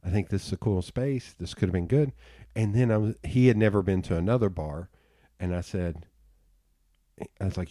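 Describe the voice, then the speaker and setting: A man hosting a podcast, chatting casually and telling stories, jumping up in pitch when he acts out what people said. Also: brisk, no room sound, clean studio sound. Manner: animated storyteller, acts out quotes with jumps in pitch. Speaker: podcast host and designer. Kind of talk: casual interview chat.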